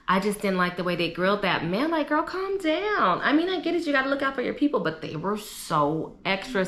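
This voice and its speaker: Young woman, chatty opinionated recap vlogger, echoey room. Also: mid-range voice. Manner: chatty, opinionated, animated asides. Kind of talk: casual chat.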